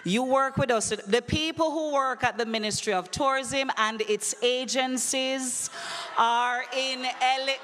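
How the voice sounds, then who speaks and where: A woman hosting a quiz at a conference, teasing the crowd in a playful, animated way. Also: sits high, unhurried, a little hiss or hum. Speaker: conference emcee running a quiz. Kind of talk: lively live event hosting. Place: large conference hall. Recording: long echoey hall reverb.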